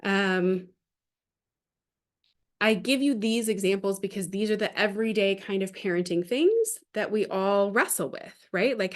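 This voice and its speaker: Chatty woman giving online parenting training. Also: mid-range voice. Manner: chatty, uses many fillers and restarts. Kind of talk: online training talk with storytelling.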